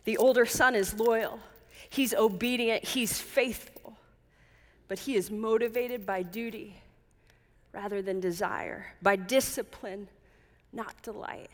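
Woman pastor, higher voice, earnest measured sermon delivery, church hall reverb. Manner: earnest, measured, with emphatic repetition.

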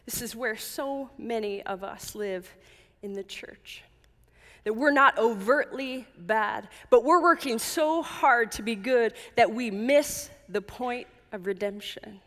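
A woman's voice: on the high side, a bit bright. Earnest woman preaching in a reverberant hall. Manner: earnest, measured, with emphatic repetition. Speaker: pastor. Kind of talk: sermon.

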